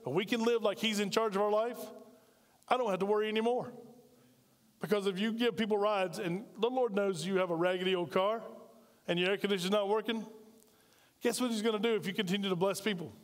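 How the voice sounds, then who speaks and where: A man's voice: high voice, steady tone, fairly quick, long reverb tail. A man preaching a sermon as pastor, talking conversationally and drawing call-and-response from his congregation in a large church. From United States.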